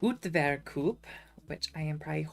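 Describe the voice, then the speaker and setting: A woman's voice: low voice, normal speed, a bit bright, soft background music. A woman chatting casually on a livestream, reading chat messages and answering with sarcastic asides. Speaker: streamer reading live chat.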